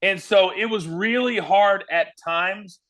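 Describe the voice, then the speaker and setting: A man from Kansas, a former wrestling broadcaster, telling animated stories as an interview guest. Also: high voice, slow pace. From Kansas, USA. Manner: lively, animated storyteller. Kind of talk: storytelling interview.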